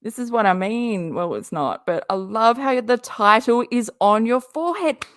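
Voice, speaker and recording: A woman's voice: on the high side, animated, moderate pace, slight background noise. A woman hosting a casual reaction livestream, chatty and sarcastic, rambling and laughing often. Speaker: livestream host.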